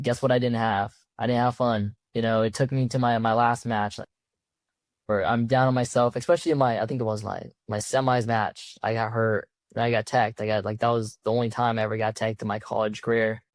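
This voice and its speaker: A man's voice: medium pitch, no echo. A young man of eighteen or nineteen talks through his story casually, stumbling and restarting often. His voice sits mid-range and sounds dry and close, with no room around it. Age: young adult. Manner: loose, rambling with many fillers and restarts. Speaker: college wrestler guest.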